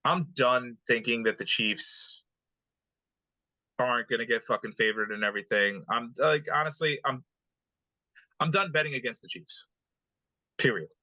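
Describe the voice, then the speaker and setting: Bright-voiced, laid-back male podcast host. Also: medium pitch, normal speed, pauses often, no room sound, low-quality recording. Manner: relaxed, swears often, many ums and uhs. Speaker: podcast co-host recapping games. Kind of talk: casual sports podcast banter.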